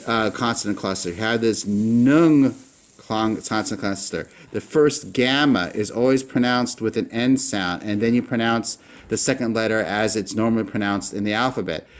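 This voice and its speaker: A man teaching a recorded language lesson, explaining patiently with many fillers and restarts and slowing down to sound out each word carefully. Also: on the low side. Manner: slows down to sound out words carefully.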